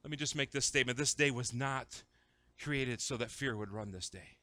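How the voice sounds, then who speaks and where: A man preaching a sermon, shifting between conversational asides and shouted, dramatic retellings of scripture. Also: medium pitch, normal speed. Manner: acts out scripture voices dramatically. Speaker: pastor.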